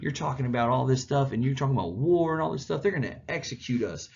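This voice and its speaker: A man's voice: mid-range voice, fast talker, creaky, a little mellow, slightly rough, muffled recording, pitched above the performer's own voice. A man voicing a panicky young king who pleads frantically in casual slang. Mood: panicked.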